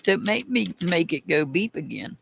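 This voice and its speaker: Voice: mid-range voice, sing-song, moderate pace, gravelly, a bit bright, a little hiss or hum. A tarot reader giving a casual live-stream reading, chatty and calling out viewers by name.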